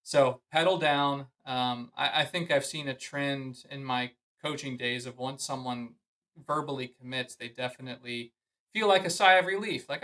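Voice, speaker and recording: Male golf coach, bright tense tone, mid pitch, emphatic podcast advice. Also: normal speed, low-quality recording. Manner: earnest, emphatic advice with frequent "I mean" and "you know". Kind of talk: podcast conversation.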